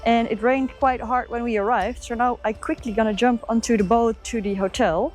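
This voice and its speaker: A woman's voice: fairly high pitch, steady tone, a little fast. A woman, a native Dutch speaker, chatting enthusiastically and hunting for words as she vlogs a motorcycle trip outdoors. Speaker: travel vlogger. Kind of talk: casual travel vlog narration. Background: loud music.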